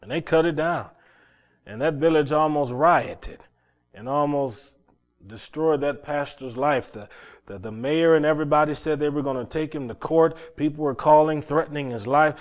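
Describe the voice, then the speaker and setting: A man preaching and telling stories, often repeating words and climbing louder as he gets worked up. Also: a little high. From North Carolina, USA. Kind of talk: sermon storytelling.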